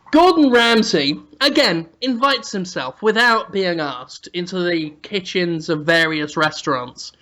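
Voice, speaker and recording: A man co-hosting a comedy podcast, telling an absurd, crude story in an animated way. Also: high-pitched. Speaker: podcast co-host.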